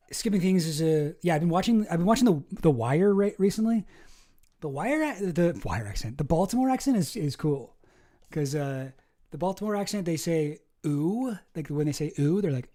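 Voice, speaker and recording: A man's voice: fairly high pitch, warm tone. A young Canadian man with a Canadian accent, chatting casually on a live stream and answering his chat, rambling with lots of fillers and restarts.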